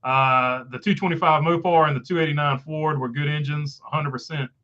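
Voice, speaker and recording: A man's voice: fairly high pitch, fairly even intonation, fairly quick, pushed and bright, highs cut off. A man with a Southern country accent hosting a casual live stream, reading viewer comments with lots of "uh" fillers. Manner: filler-heavy, rambling, frequent uh.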